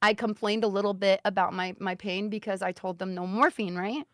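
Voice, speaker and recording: A woman speaking in a mid-range voice recounts her story to a stream panel. She is earnest and emphatic, dropping into a soft, serious tone. The sound is dry and close. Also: medium pitch, steady tone, fairly quick, dry recording. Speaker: guest sharing a health story. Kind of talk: casual storytelling.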